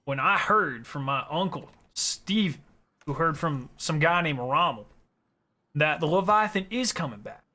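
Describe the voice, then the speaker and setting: A man's voice: on the high side, animated, measured pace, pushed and bright. A young man streaming a game, chatting casually with his viewers, joking and swearing as he laughs often. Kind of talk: casual live-stream chat.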